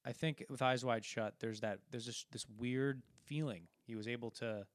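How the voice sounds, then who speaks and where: A man's voice: mid-range voice, fairly even intonation, normal speed, no room sound. A man casually talking through a film, rambling and acting out quoted lines as he retells scenes. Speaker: podcast co-host.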